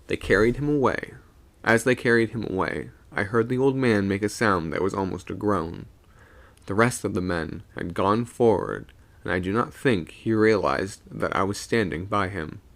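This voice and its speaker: A man's voice: on the low side, moderate pace, gravelly, fairly bright tone. A man streaming live, reading a ghost story aloud and voicing its characters.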